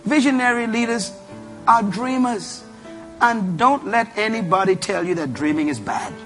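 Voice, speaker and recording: A high-pitched man delivers a motivational sermon. He is emphatic and repetitive, and he drives his points home by commanding the audience. Faint music plays underneath. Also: animated, moderate pace, fairly bright tone. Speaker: preacher and leadership speaker.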